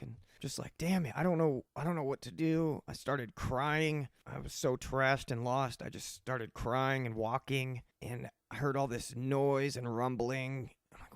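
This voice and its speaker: A young man from Colorado, host of his own podcast, telling his recovery story in a rambling, animated monologue and acting out the voices of people in it. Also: medium pitch, unhurried, few pauses, clear, resonant tone, dry recording, studio quality.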